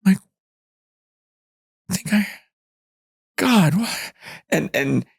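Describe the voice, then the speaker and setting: A man in his fifties, a pastor, telling a story earnestly in conversation, growing animated as he retells it. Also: sits high, extremely slow, creaky, husky, no echo, studio quality. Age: 50s. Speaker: pastor, guest.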